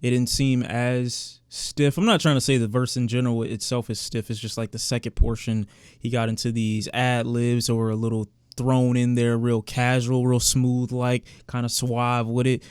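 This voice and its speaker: A man's voice: medium pitch, flat delivery, moderate pace, a little mellow, clean tone, no echo, clean studio sound. A man giving casual reaction commentary as a music reviewer, candid and sometimes sarcastic toward the song.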